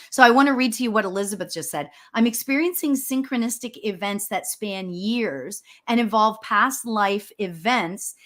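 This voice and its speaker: A middle-aged woman, a spiritual medium, hosting a casual chat, animated and quick to laugh. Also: mid-range voice. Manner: animated, laughs often, squeals when excited. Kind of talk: casual chat on a live show.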